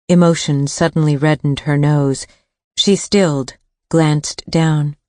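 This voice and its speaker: A woman reading a thriller audiobook in a measured, even way. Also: deep voice, dry recording, studio quality. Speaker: audiobook narrator. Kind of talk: scripted narration.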